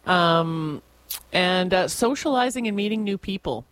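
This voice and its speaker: A woman co-hosting a radio show, relaxed, summarizing a story with plenty of fillers and soft hums. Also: lowish voice, unhurried, no echo. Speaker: radio co-host. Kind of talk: casual radio chat. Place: radio studio. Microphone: studio microphone.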